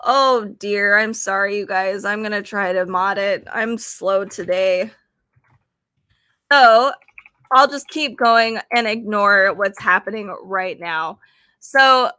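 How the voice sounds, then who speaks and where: Bright-voiced woman hosting a live stream. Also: mid-range voice, dry recording, studio quality. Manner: chatty and apologetic, reading questions aloud to chat. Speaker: livestream host running trivia games. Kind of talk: casual livestream chat.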